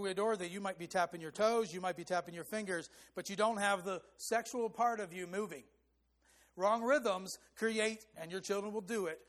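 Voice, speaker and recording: A man with a fairly high voice delivers a sermon. He speaks emphatically and now and then sings short hymn phrases to demonstrate a rhythm. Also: fairly bright tone. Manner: emphatic, rising for stress. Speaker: preacher.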